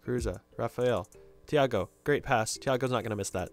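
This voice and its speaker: Excitable young man commentating a game. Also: mid-range voice, moderate pace, faint music behind. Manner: excitable, jokey, reacts loudly to plays. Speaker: gaming YouTuber. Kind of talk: casual video game commentary.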